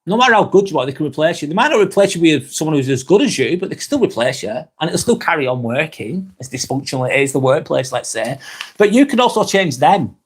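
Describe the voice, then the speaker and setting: A man's voice: on the high side, big pitch swings, fast, husky. A man with a Lancashire accent hosting a laid-back live vlog, chatting to viewers and answering their comments, swearing freely and often restarting his sentences. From Northwest England. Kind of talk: casual live-stream chat, reading viewer comments.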